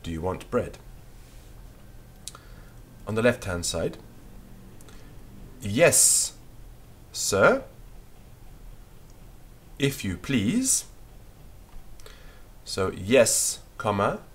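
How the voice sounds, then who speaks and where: A low, husky-voiced man teaching beginners, dictating very slowly and patiently. He spells each word out letter by letter, his pitch rising and falling in a lively way. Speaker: French teacher. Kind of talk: slow dictation lesson, spelling out words.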